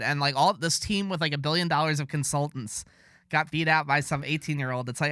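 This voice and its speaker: A man's voice: on the high side, fairly even intonation, brisk, a bit bright, smooth, no room sound, clean studio sound. A man co-hosting a podcast, rambling through casual banter in a sarcastic, mock-boastful way. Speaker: podcast co-host.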